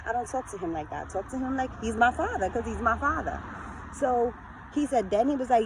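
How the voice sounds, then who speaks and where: A woman in her forties giving an earnest, lively motivational talk to her followers in a vlog. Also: fairly high pitch, brisk, vocal fry, background noise. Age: 40s. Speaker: vlogger.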